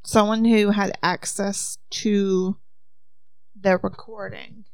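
A woman's voice: medium pitch, flat delivery, slow, vocal fry, darkish tone, no room sound. A woman who teaches, talking through a mystery game with friends, asking questions and thinking aloud. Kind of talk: casual group chat.

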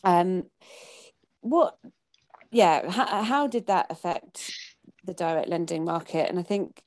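Gravelly-voiced woman interviewer, halting. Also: fairly low pitch, lively intonation, darkish tone, no echo. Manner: hesitant, halting questions with restarts. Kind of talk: conversational interview.

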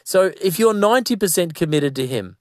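A man's voice: high-pitched, expressive, a little fast, no echo, studio quality. A man preaching a sermon, fervent and exhorting, with sudden emphatic bursts.

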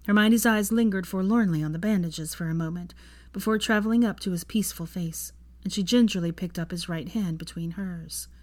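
A woman narrates a story aloud with a low voice. Her delivery is calm and even, with a steady storytelling pace. It is a reading of fan fiction. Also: brisk, hardly any pauses.

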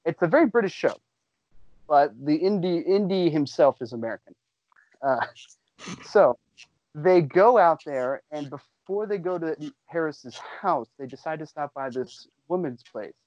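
Excitable, swearing man, slightly high voice. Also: measured pace, dry recording, dull audio. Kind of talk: casual storytelling to friends.

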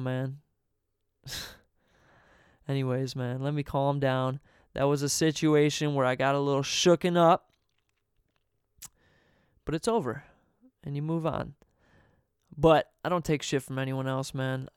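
A man's voice: mid-range voice, unhurried, pauses often, clean tone, no echo, clean studio sound. Profane laid-back man telling a story. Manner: laughs between sentences. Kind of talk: casual storytelling.

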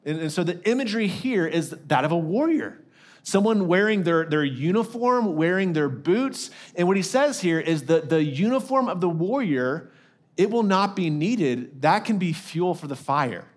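A middle-aged man preaching, his voice sitting a little high for a man. He talks conversationally, restarting phrases and throwing in casual asides as he works through the scripture. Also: animated, normal speed. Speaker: lead pastor. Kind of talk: sermon.

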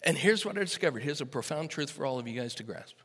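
A man in his sixties preaching a sermon as pastor, moving from easy storytelling to loud, emphatic preaching. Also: medium pitch, expressive, fast, husky. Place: church sanctuary. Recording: echoey hall with long reverb.

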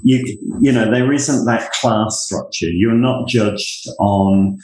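In this conversational interview, the guest is a middle-aged English university leader whose Northamptonshire accent colors his rambling, self-mocking stories. He speaks slowly in a low, slightly mellow voice. The audio is low quality and sounds roomy.

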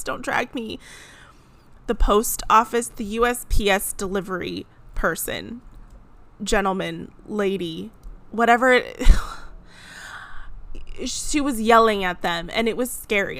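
A young woman hosting a solo podcast, venting in a chatty, animated way with many fillers. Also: mid-range voice, unhurried. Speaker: podcast host. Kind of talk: casual solo podcast rant. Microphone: podcast microphone.

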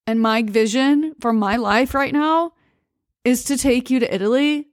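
Brief: young American woman, podcast host, heartfelt and halting, slightly high voice, dry booth sound. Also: dry recording. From United States. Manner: emotional, halting, many fillers and restarts. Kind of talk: personal monologue.

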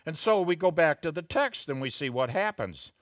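A middle-aged man preaching a sermon, talking conversationally with asides and then rising into loud, emphatic bursts. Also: animated, no echo, clean studio sound. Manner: slow, deliberate delivery with sudden loud, high emphatic bursts. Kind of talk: expository sermon.

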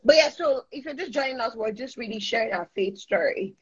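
A woman's voice: fairly high pitch, lively intonation, brisk, fairly bright tone, husky. A woman with a Nigerian accent, co-hosting a casual faith chat on a livestream, chatty and playful. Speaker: co-host. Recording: dull lo-fi livestream audio.

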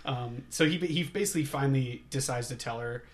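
Brief: easygoing male podcast co-host, casual chatter, quick laughs, mid-pitched voice. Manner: laid-back, laughs often, acts out scenes in quotes. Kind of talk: casual movie chat.

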